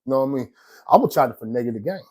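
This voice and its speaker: A man from Georgia with an Atlanta accent telling prison stories in a casual, slangy, animated way. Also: mid-range voice, rapid-fire, no room sound. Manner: animated, slangy, laughs often between lines. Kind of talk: casual storytelling.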